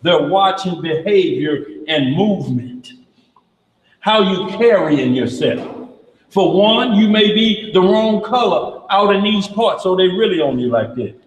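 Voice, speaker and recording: A man's voice: high voice, lively intonation, unhurried. A man leading an informal Bible study, talking conversationally with rhetorical questions and joking asides. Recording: echoey hall with long reverb.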